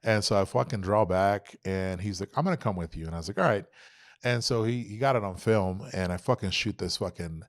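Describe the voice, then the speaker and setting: A man in his thirties telling hunting stories on a podcast, animated and profane, acting out what people said. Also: fairly low pitch, brisk, dry recording, clean studio sound. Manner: animated, profane, acts out quotes. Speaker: podcast guest. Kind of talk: casual storytelling.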